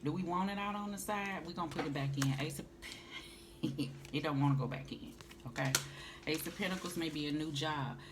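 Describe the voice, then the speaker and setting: A woman's voice: low voice, brisk. A woman, doing a casual tarot reading and calling the listener honey and baby. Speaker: tarot reader. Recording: noisy home recording.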